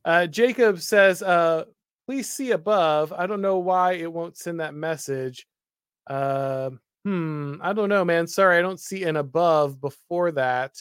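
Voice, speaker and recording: A man's voice: a little high, a little slow, smooth, no room sound. A male host casually reading viewer comments aloud with dry humor and frequent filler. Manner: dry, wry, reads chat aloud with filler "uh". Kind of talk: casual livestream chat.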